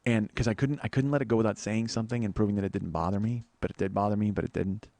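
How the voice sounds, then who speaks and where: A man telling a profane, animated story on a comedy podcast, acting out what other people said. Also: on the low side, racing, dry recording. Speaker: comedian host.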